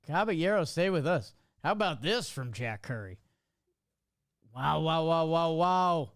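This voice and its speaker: Energetic high-voiced sports show host. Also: male voice, measured pace, dry recording, clean studio sound. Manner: energetic, riffing, playful. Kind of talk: live sports talk show.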